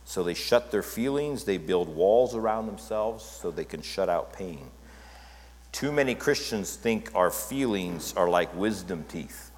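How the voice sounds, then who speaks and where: A male pastor preaching a sermon in a conversational way, often checking in with his listeners. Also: low voice. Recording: long hall reverb.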